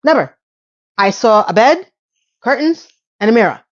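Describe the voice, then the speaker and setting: A woman's voice: a little high, very animated, normal speed, dull audio. A woman casually recapping a TV episode, chatty and sarcastic, sometimes acting out the characters' lines.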